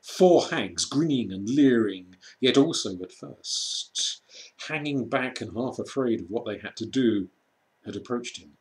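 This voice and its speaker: A man reading a children's storybook aloud, slow and measured with dramatic pauses. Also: mid-range voice, animated. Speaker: reader.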